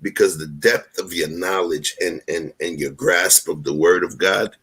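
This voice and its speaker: A man hosting a live online discussion, calmly urging a guest to argue with substance over insults, repeating his points earnestly. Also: low voice, measured pace, slightly rough. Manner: earnest, coaxing, repeats himself. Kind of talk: livestream debate moderation.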